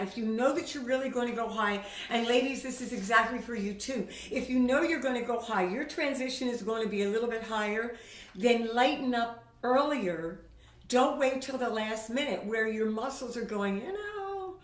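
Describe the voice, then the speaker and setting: A woman vocal coach leading a warm-up lesson, coaxing her students and singing scales to show them how it's done. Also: a little high, far from the mic. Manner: coaxing, sings demo scales between spoken tips. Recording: echoey room, voice from off the mic, loud piano. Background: piano accompaniment.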